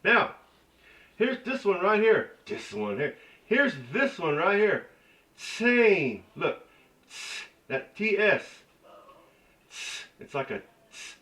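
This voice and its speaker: A man's voice: sing-song, slow pace, bright, forceful tone. A man giving an informal language lesson in a folksy, chatty way, repeating sounds over and over to show how they are said. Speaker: language teacher. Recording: roomy, distant, dull low-fi sound.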